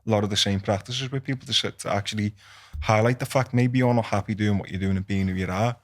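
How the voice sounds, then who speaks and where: Quick earnest guy hosting a podcast, lowish voice, keeps agreeing. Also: fairly even intonation. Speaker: podcast host. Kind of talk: podcast conversation.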